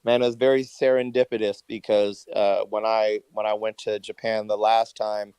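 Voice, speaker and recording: Tired guy, smooth voice, flat delivery, laid-back and rambling, dry close sound. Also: lowish voice, moderate pace, no room sound. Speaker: Twitter Spaces speaker. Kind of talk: casual chat.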